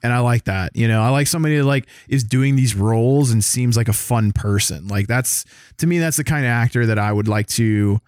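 A man from the American South, chatting casually as a co-host, rambling, excitable and full of swearing. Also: mid-range voice, fairly quick, no room sound, studio quality. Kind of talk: casual chat.

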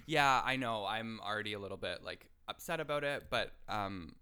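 A man's voice: lowish voice, expressive, moderate pace, pushed and bright, clear, resonant tone. A man in his twenties co-hosting a podcast in casual banter, his voice strained from a sore throat, rambling and giggly. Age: 20s. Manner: rambling, giggly, self-deprecating. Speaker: podcast co-host.

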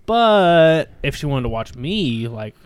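A man's voice: a little high, big pitch swings, takes it slowly, clear, resonant tone. A man in his thirties chatting casually as a podcast host, rambling and swearing through his stories. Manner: profane, rambling storyteller. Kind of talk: casual chat.

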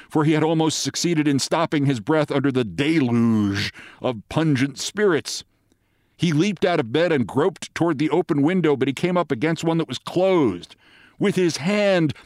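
Man reading a story aloud, dry sound. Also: no room sound. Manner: lively storytelling, jumps high for quoted shouts. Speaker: podcast host.

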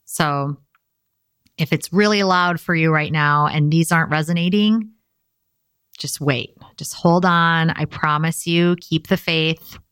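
A woman's voice: low voice, measured pace, fairly bright tone, clean tone, no room sound, studio quality. A young woman talking earnestly and casually, encouraging listeners in a motivational self-help talk.

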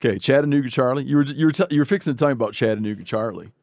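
A man hosting a podcast, relaxed and chuckling, often restarting his sentences. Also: medium pitch, very fast, no echo, clean studio sound. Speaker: podcast host. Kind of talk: casual podcast chat.

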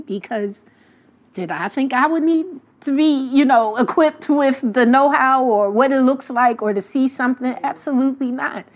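A middle-aged woman, a guest sharing an emotional, lively personal story on a talk show and quoting the people in it. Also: a little high. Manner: emotional, lively storytelling with voiced quotes of her late husband. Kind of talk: casual heartfelt talk show conversation.

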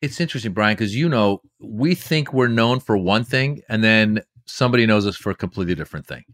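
A middle-aged man, a comedian, telling lively stories in an interview and slipping into quoted voices. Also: on the low side, fairly quick, no echo, studio quality. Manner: animated storyteller doing quoted voices. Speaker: comedian guest. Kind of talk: storytelling interview.

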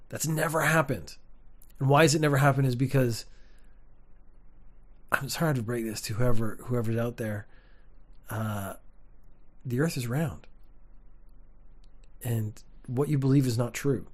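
A young man, rambling through a casual comedic monologue with wry, deadpan asides. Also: mid-range voice, moderate pace, pauses often. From Canada.

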